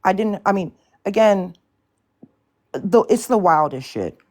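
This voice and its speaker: A woman's voice: mid-range voice, lively intonation, unhurried, crowd noise. A woman hosting a live stream in casual chat, ranting bluntly and swearing often in exasperation.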